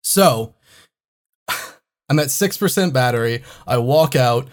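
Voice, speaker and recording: A man telling a travel story in casual chat, animated and swearing often. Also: mid-range voice, slow pace.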